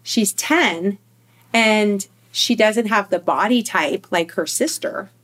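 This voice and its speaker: A woman's voice: mid-range voice, slow, fairly bright tone. A woman guest in an interview, telling a personal family story in a candid, heartfelt way with many fillers and restarts.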